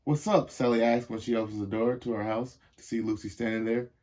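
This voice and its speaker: A young man reading a picture book aloud to children in a measured, expressive way. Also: lowish voice. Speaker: storybook reader.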